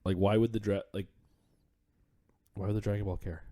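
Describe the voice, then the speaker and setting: A man co-hosting a casual podcast, griping about a movie and tasting beer, animated and laughing often. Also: on the low side, moderate pace. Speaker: podcast co-host.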